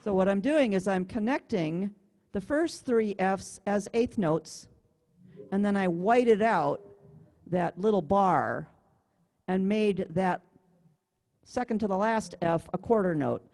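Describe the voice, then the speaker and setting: Warm-voiced woman teaching music online. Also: medium pitch, lively intonation, slow pace, long pauses. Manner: patient, explanatory, counts beats aloud. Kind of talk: online class instruction. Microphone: computer mic on a video call.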